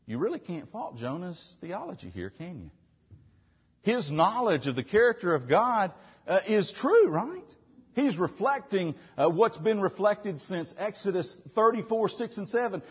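A man's voice: sits high, normal speed, slightly rough, in a large hall, muffled recording. A man preaching a sermon as a pastor, asking the congregation frequent questions. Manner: asks the congregation frequent questions, with animated emphasis.

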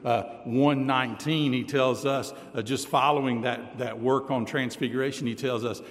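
A man preaching a sermon as pastor, reading scripture aloud and slowing down, dropping his voice low to stress key words. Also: steady tone, in a large hall. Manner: deliberate preaching, slows and drops low for emphasis, reads scripture aloud.

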